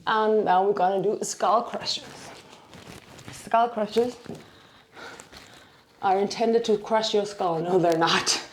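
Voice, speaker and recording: A woman's voice: medium pitch, steady tone, slow pace, long pauses, a little hiss or hum. A woman with as her leads a home dumbbell workout, a bit out of breath, chatty and self-deprecating, counting reps aloud. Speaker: fitness instructor. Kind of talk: casual workout instruction.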